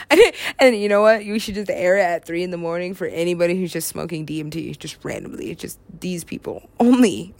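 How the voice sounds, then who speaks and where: A woman's voice: on the low side, expressive, normal speed, no echo. A woman from the US West Coast in a loose, rambling casual chat, laughing often, swearing freely and slipping into silly voices. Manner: giggly, swears a lot, acts out silly voices.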